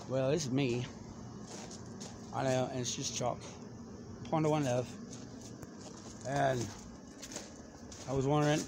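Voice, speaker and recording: A man's voice: medium pitch, noisy background. A man talking in a loose, rambling monologue, jumping from one topic to the next. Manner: stream-of-consciousness, jumping between topics.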